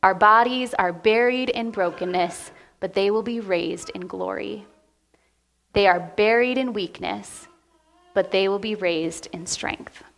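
A woman pastor preaching a heartfelt sermon to her church, speaking with emotion and deliberate pauses. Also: medium pitch, gravelly. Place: church sanctuary.

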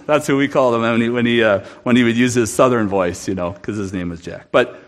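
A man's voice: medium pitch, steady tone, a little fast. A man giving an earnest, emphatic sermon testimony in a church room, often restarting his sentences. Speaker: guest speaker at a church.

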